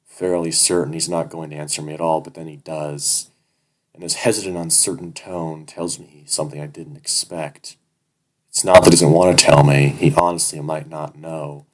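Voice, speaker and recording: A male audiobook narrator reading a first-person fantasy story in a measured, introspective way. His voice is extremely low and deep. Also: little pitch movement, rough recording.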